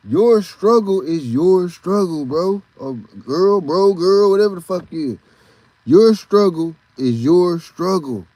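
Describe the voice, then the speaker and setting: A Texan man with a fairly high voice rambles through a personal story, swearing freely and getting animated as he goes. He sounds dry and close to the mic. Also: dry recording. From Texas. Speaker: podcast host. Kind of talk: casual storytelling monologue.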